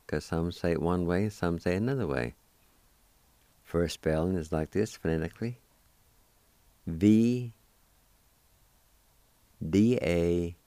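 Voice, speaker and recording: A man with a low, mellow voice leads a radio language lesson. He spells each word out letter by letter and repeats every pronunciation slowly and patiently. The sound is smooth and dry, close to the mic. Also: no room sound. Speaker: radio language teacher and host. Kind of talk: spelling and pronouncing words for learners.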